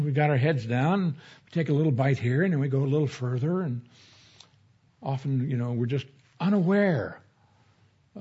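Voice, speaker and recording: Husky-voiced man preaching conversationally. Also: medium pitch, dark tone, highs cut off. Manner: conversational teaching with anecdotes. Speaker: pastor. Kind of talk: expository sermon.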